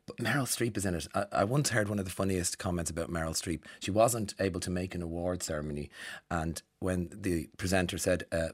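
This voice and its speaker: Chatty Irish man, low voice. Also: a little fast, no echo, studio quality. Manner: chatty, self-mocking, laughs often. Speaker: radio host. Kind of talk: casual radio chat reading listener texts.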